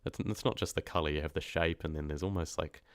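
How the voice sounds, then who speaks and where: A streamer from New Zealand who narrates horror stories chats with viewers at a quick pace. His deep voice sounds close and dry with no echo, and he wanders from topic to topic, laughing freely.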